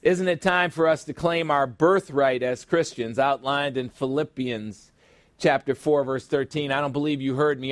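A man's voice: medium pitch, normal speed, dry recording. A middle-aged man pastor preaching a sermon, asking rhetorical questions and calling out for an amen.

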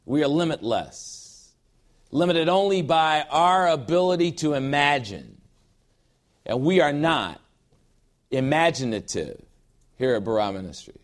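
A man preaching a sermon as pastor, emphatic, dropping low and slow to read scripture. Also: animated.

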